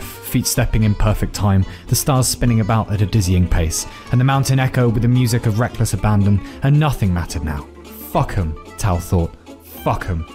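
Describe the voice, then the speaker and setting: A man narrating a fairy tale in a measured, dramatic reading. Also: lowish voice, warm tone. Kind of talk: storytelling narration.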